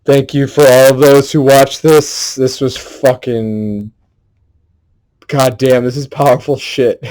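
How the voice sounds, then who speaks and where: A man talks in an unhurried, deliberate way. He sounds earnest and intense and swears freely. He is on a solo livestream from home. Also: mid-range voice, flat delivery, a little mellow. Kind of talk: emotional solo performance.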